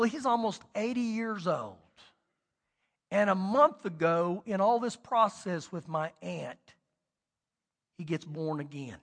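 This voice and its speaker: A middle-aged pastor with a high-pitched voice preaches a sermon, telling stories and swinging between loud and hushed delivery. The sound carries the echo of a big room.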